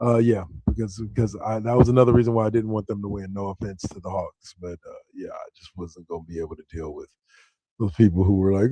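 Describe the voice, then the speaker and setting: Man with a mellow, dry voice. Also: on the low side, fast talker, breathy edge, no echo, dull audio. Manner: animated, rambling, excitable with frequent restarts. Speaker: podcast host. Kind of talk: casual sports podcast talk.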